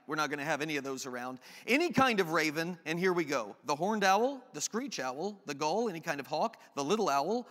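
A man's voice: sits high, pushed and bright, big-room sound. A man preaching a sermon as pastor, conversational and joking, with off-topic asides.

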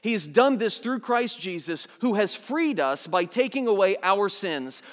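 A man pastor preaching a sermon, swinging from soft, low lines to loud, urgent ones. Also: in a large hall.

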